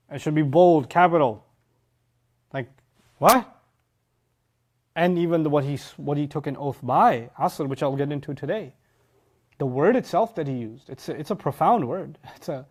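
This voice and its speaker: A middle-aged man teaching a religious lecture in an animated, emphatic way, quoting Arabic phrases and explaining them. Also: a little high. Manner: animated, emphatic, acts out students' voices. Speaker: Quran teacher.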